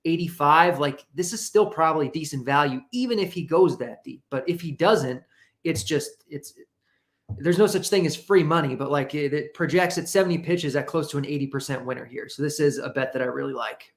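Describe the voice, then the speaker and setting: A man's voice: a little high, a little fast. A man talking through a betting analysis casually, reasoning aloud with fillers like um and you know. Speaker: analyst guest.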